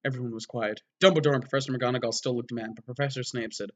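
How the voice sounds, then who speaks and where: A man giving a mock-dramatic reading of a story, breaking off for wry, deadpan sarcastic asides. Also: medium pitch, fast talker, few pauses, lo-fi sound. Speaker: comedic reader.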